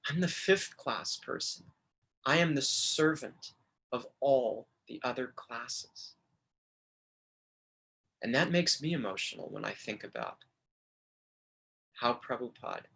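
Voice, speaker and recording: A man's voice: medium pitch, expressive, slow pace, creaky, long pauses, a bit bright, husky. A man giving a morning scripture class at a temple, speaking earnestly and with feeling as he quotes his teachers. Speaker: temple lecturer. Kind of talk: devotional class lecture.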